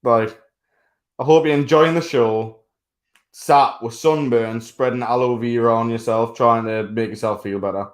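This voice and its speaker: A man co-hosting a casual sports podcast, talking bluntly, swearing freely and laughing loudly. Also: medium pitch, steady tone, unhurried. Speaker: podcast co-host.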